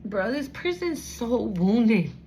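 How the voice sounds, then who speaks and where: A woman's voice: fairly high pitch, very animated, slow pace, dark tone, a little hiss or hum. Blunt, profane woman reading cards. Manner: blunt, profane, streetwise, emotional. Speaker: tarot reader. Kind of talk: casual spiritual reading.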